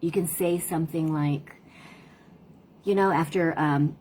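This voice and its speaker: A woman's voice: low voice, steady tone, measured pace, pauses often, a little mellow, a little hiss or hum. A middle-aged woman and parent coach, talking casually and reflectively in a livestream. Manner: reflective, conversational, tells stories about her daughters.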